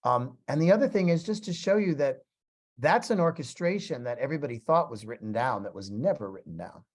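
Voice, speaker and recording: Middle-aged male musician lecturing a class, chatty and animated, acts out dialogue, mid-pitched. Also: brisk. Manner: animated, chatty, acts out both sides of conversations. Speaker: guest musician teaching a class. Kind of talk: casual storytelling lecture.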